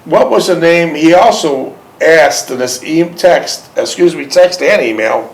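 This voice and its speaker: A man's voice: fairly high pitch, expressive, unhurried, hardly any pauses. A man hosting an interview, patiently asking questions and repeating them. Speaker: interviewer host. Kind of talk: casual interview. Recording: roomy echo.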